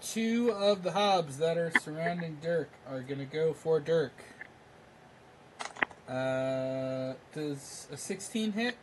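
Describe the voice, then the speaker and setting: A man running a tabletop game as game master, halting with many ums and uhs and often laughing. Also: fairly high pitch, animated, noisy background.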